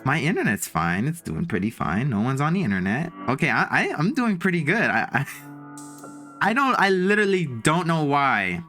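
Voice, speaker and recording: A woman's voice: sits low, sing-song, moderate pace, a bit bright, soft background music. A woman livestreaming from a room at home, giving casual motivational talk to her chat in an emphatic, playful way with swooping exclamations. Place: room in a house.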